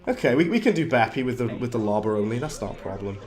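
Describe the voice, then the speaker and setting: A man with a slightly hoarse voice, chatting casually while livestreaming a game, reading chat aloud and laughing often. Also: medium pitch, very animated, fast, soft background music. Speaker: livestreaming gamer. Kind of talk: casual live-stream commentary.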